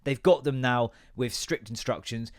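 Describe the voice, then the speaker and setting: A man with a voice of ordinary pitch hosts a casual podcast. He rants with lots of swearing. He acts out both sides of remembered conversations as he goes. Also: moderate pace. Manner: sweary, ranting, animated. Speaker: podcast host.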